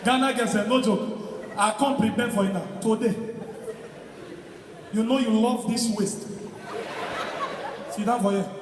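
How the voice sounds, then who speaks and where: A woman with a Nigerian accent performing live stand-up comedy, animated and shouting punchlines amid her own laughter. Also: a little high, a little slow, pauses often. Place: large live venue. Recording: echoey hall, distant mic, live crowd. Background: audience noise.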